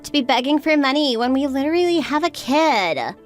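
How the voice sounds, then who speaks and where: A woman's voice: sits high, lively intonation, brisk. A woman playing a worn-down young wife who talks in an anxious, pleading way. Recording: faint background music.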